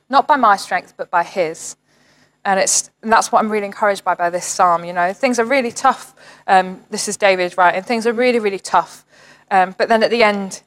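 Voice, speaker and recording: A woman's voice: mid-range voice, a bit bright, poor audio. Earnest woman preaching online. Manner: earnest, encouraging, reading scripture aloud with rising emphasis. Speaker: church leader. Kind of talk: informal online sermon.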